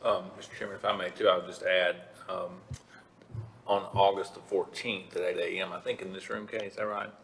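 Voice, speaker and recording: Very deep, gravelly-voiced man. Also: flat delivery, a bit bright, a little hiss or hum. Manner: measured, halting delivery. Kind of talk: remarks at a public meeting. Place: county board meeting room.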